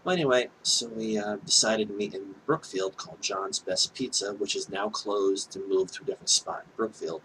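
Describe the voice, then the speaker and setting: A man's voice: fairly low pitch, normal speed, few pauses, a bit bright, slight background noise, poor audio. A man telling a personal story on his video channel in a rambling, candid way, full of asides and apologies. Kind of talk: casual storytelling monologue.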